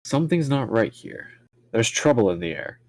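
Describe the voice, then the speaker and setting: A man's voice: medium pitch, sing-song, normal speed, a little hiss or hum, voice pushed down, lightly acted. Man voicing a flustered young student. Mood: bewildered. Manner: startled, stammering. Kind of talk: fan voice-over of a game scene.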